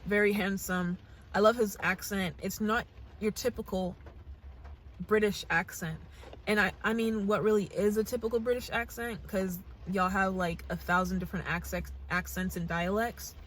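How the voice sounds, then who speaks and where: A woman's voice: mid-range voice, a little hiss or hum. A young American woman hosting a reaction channel, talking to camera in a casual, earnest, gushing way and thinking aloud with restarts. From United States.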